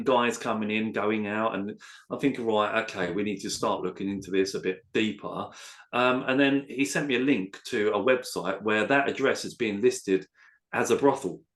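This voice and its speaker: Male letting agent, mid pitch, very expressive delivery, chatty anecdote teller. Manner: animated storyteller, acts out quotes. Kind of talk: casual anecdote telling.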